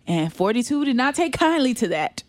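A woman's voice: fairly high pitch, very animated, fairly quick, dry recording. A young woman co-hosting a casual pop-culture chat, talking freely and laughing often. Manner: chatty, laughs often, quotes people in put-on asides. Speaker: podcast co-host.

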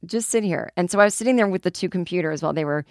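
A woman's voice: lowish voice, racing, no room sound, studio quality. A woman comedian hosting her podcast, telling a rambling, self-deprecating story and swearing casually. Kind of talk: comic storytelling monologue.

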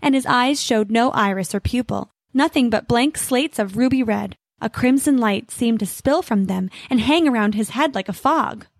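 Expressive woman narrating a fantasy story. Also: a little high, moderate pace, few pauses, dry recording.

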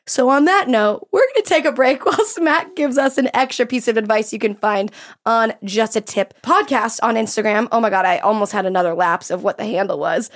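American woman, podcast host, a little high, self-mocking and quick to laugh. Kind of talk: casual chat.

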